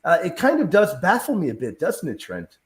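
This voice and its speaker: A man's voice: high-pitched, huge pitch swings, a little fast. A man hosting a casual discussion, thinking aloud and asking his guests questions. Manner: thoughtful, questioning. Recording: echoey room.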